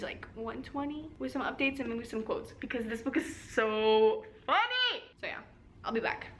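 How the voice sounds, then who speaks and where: A young woman vlogging from home about the book she is reading. Her voice sits a little high and she talks in a loose, animated way, full of "like" and quick asides. A faint hum of the room sits behind her. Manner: chatty and animated, lots of "like" and laughs. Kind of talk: casual reading vlog.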